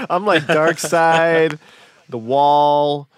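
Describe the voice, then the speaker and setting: Eager, slightly high-voiced man guest. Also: dry recording. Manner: enthusiastic, rambling, repeats himself. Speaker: podcast guest, musician. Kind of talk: casual chat.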